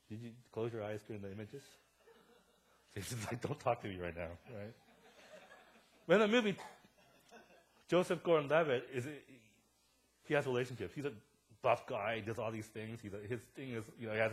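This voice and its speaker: A young adult man preaching a sermon in a church, casual and joking as he tells stories, swinging from quiet asides to loud, animated bursts. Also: on the low side, slightly rough. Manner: casual, joking storyteller with a wide swing in loudness. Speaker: pastor. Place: church sanctuary.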